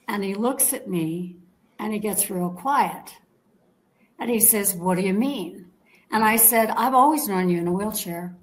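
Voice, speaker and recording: A woman telling a personal story as an interview guest. She talks in a lively, chatty way, acts out the voices of the people in her story, and keeps asking her listeners whether they follow. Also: mid-range voice, rough recording. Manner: animated storyteller, acts out quoted dialogue, checks in with "okay?".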